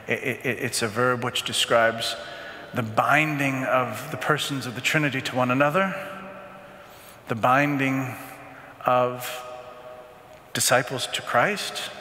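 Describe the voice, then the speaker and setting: Brief: earnest male parish teacher, bright forceful voice, halting repeats, long hall reverb. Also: medium pitch. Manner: earnest, repeats words often, asks "right?". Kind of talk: adult faith formation talk. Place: church hall.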